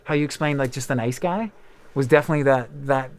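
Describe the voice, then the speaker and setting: A man's voice: mid-range voice, quick pace, clean tone. A man in his thirties, a podcast host and musician, chatting casually and telling rambling, candid stories full of fillers and the odd swear word. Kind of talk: casual chat.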